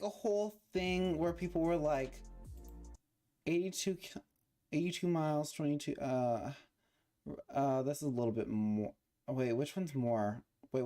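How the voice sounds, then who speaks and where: A woman's voice: a bass voice, dark tone. A young woman streamer chatting casually and reacting to videos, swearing and laughing often.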